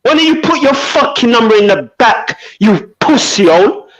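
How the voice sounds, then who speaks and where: A furious man hurls curses and threats on a live panel. His voice sits high and sharp with anger. The stream audio is muffled and lo-fi. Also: very animated, moderate pace. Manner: angry, cursing, threatening. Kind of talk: heated live panel argument.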